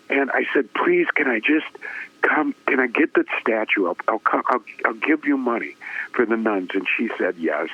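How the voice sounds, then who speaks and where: A man's voice: fairly low pitch, no echo. A man, a former radio personality, telling an emotional personal story as an interview guest, acting out the voices of the people in it. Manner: dramatic storyteller who acts out quoted voices; emotional, voice rising with feeling. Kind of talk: personal testimony in conversation. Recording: tinny phone-line sound.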